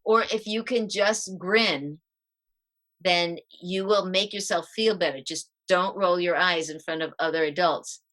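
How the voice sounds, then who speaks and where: Bright-voiced woman, middle-aged parenting coach. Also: lowish voice, a little slow. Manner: lively, demonstrating exercises as she explains. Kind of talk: podcast interview guest.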